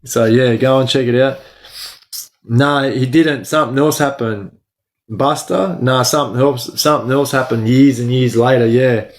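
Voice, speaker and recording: A man's voice: mid-range voice, moderate pace. A middle-aged Australian man hosting a casual livestream, answering viewers by name in slangy talk full of "bro". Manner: slangy, talks to chat by name, says "bro" a lot. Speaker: livestream host.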